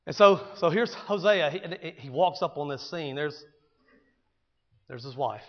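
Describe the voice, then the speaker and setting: A man preaching a sermon, swinging dramatically between hushed storytelling and loud, fervent exclamation. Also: fairly high pitch, expressive, unhurried, pauses often. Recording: dull sound with long hall reverb.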